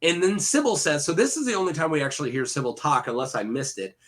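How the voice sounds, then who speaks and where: A man's voice: fairly high pitch, animated, quick pace, fairly bright tone. A man casually retelling fantasy lore for a video, rambling with many fillers and self-corrections and throwing in jokey asides to the viewer.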